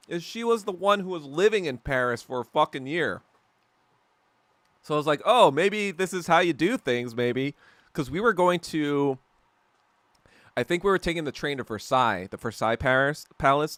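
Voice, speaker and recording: Chatting casually on a livestream as he eats, a young podcast host drifts from story to story, laughing frequently and swearing heavily. His fairly high, fairly bright voice has lively intonation at a normal speed with frequent pauses, and there's no room sound.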